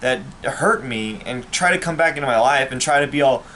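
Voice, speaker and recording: A man's voice: mid-range voice, lively intonation, a little fast, pushed and bright, slight background noise. Man ranting bitterly to camera. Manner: bitter, angry, profane ranting. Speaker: vlogger. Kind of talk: personal rant to camera.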